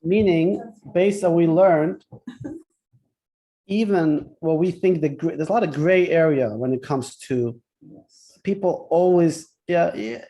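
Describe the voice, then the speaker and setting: High-pitched but dark in tone, this man's voice leads a conversational Torah class. He tells jokes and keeps asking "right?" to engage his listeners.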